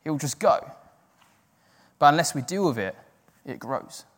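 A man's voice: a little high, expressive, moderate pace, a bit bright. A man preaching a sermon in an earnest, self-deprecating way, acting out the doubting voices in his head. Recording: long hall reverb.

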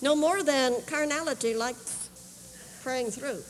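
High-voiced woman preaching in a hall. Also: slow. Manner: animated storyteller, acts out voices. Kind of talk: sermon illustration storytelling. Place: camp meeting hall. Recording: 1981 camp meeting tape, roomy hall.

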